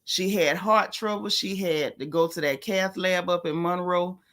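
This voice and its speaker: A woman hosting a casual livestream, talking frankly and warmly about faith and loss while greeting viewers by name. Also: on the low side, steady tone, a little slow. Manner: chatty, greets viewers by name between thoughts; frank, heartfelt, faith-filled talk. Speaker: livestream host.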